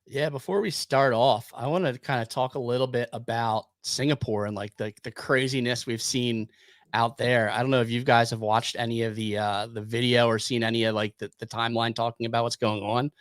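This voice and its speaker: Man, podcast host, relaxed chat, mid pitch, dry close sound. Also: brisk, no room sound. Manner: relaxed, loose, with fillers and restarts. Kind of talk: casual crypto podcast chat.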